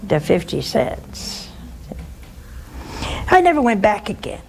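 A woman's voice: mid-range voice, big pitch swings, slow, gravelly, a little mellow, slight background noise. An older woman, a nun, giving a spiritual talk with personal stories, plain-spoken and speaking straight to her listeners. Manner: plain-spoken, storytelling, addresses listeners directly.

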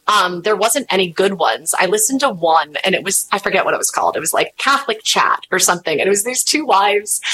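A woman, chatting in an interview and telling animated stories with voiced quotes. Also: medium pitch, slightly rough, poor audio. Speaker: podcast host and guest. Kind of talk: casual interview chat.

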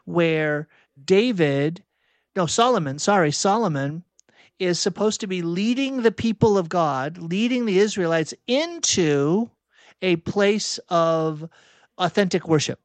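A man preaching a sermon, reflective and halting, often restarting and correcting himself mid-sentence. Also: high-pitched, animated, no room sound.

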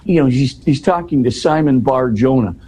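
A man giving an explanatory talk in an interview, teaching in an animated way and often checking in with "right?". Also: medium pitch, normal speed, slightly rough, rough recording. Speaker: interview guest explaining scripture.

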